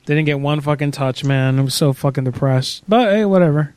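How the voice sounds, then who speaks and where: A man chats loosely as a podcast host, cursing constantly and breaking into laughter. His voice sits a little higher than most men's. He sounds relaxed and unbothered. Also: fairly quick, noisy background. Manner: profane, laughing, loose storytelling. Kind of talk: casual chat about prank texts and calls.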